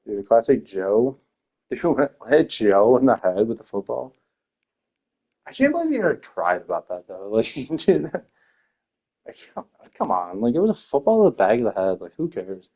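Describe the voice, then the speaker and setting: A man's voice: mid-range voice, very animated, moderate pace, warm tone. Young man telling loose profane stories. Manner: loose, profane storytelling with many fillers; frequent laughter. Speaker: teacher. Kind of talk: casual podcast chat.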